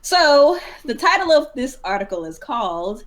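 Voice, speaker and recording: A woman's voice: sits high, moderate pace. Chatty woman hosting a gaming podcast. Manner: chatty, animated, exasperated. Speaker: podcast host. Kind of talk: casual gaming podcast chat.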